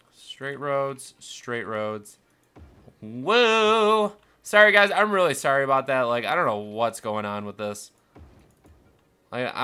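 Young man, gameplay commentary, gravelly, bright edge, cursing, panicky outbursts. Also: fairly low pitch. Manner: swings from mumbling to panicked yelling, swears constantly. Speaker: gameplay streamer. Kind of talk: casual let's-play commentary.

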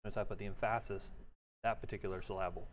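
A man's voice: on the low side, fairly even intonation, fast talker. A man giving an exam review lecture in a casual, joking way, quizzing his students. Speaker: pharmacology lecturer.

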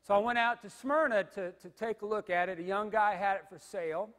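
High-voiced preaching man, echoing church. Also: a little fast. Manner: dynamic preaching, big swings from loud to hushed. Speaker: pastor. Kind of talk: sermon. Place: church sanctuary. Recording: reverberant sanctuary.

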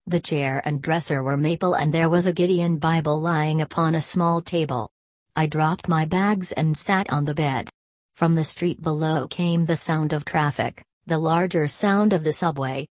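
Audiobook narrator, woman, deep low voice, dry close sound, steady measured read. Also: no room sound. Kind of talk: scripted novel narration.

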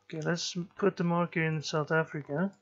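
A man giving slow let's play commentary, musing and thinking aloud as he plays. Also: on the high side, fairly even intonation, highs cut off. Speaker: gameplay commentator.

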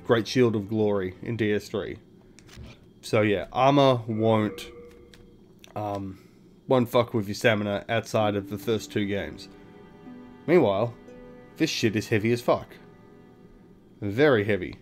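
Casual swearing man narrating gameplay. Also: lowish voice. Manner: swears freely, thinks aloud, explains mechanics. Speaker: gaming video host.

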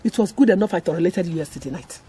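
An actress with a Nigerian accent playing a hot-tempered co-wife who taunts and argues, in a film-drama delivery. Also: female voice, lowish voice, expressive, rapid-fire, dark tone, a little hiss or hum, lightly acted. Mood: taunting. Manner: quarrelsome, taunting. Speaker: younger co-wife.

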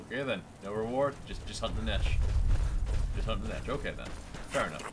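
A man's voice: fairly low pitch, animated, brisk, background noise. A man casually commenting on a video game as he plays, joking and chatting to the characters on screen. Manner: playful, jokey, talks to game characters. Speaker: gaming YouTuber. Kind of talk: casual Let's Play commentary. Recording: game music loud behind voice. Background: game music.

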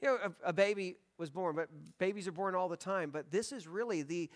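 A man in his thirties with a high, light voice leads worship as pastor. He talks to the congregation in a relaxed, joking way. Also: a little fast. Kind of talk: sermon. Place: church sanctuary.

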